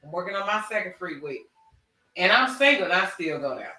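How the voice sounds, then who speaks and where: A man's voice: high voice, sing-song, brisk, bright, forceful tone, far from the mic. A man hosting a casual chat, telling stories animatedly with a drawling, slangy delivery. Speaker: podcast host. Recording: echoey room.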